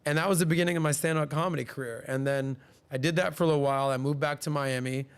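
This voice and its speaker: Fast, clear, and resonant, his somewhat high voice carries casual stories on his podcast. He's a man in his forties who animatedly acts out the voices of people he quotes.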